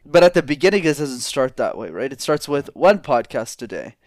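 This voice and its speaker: A man's voice: mid-range voice, fairly quick, no echo, clean studio sound. A man talking as a guest in an interview, coaching on public speaking and shifting his tone up and down to demonstrate. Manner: animated, demonstrates vocal tones. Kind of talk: energetic interview talk.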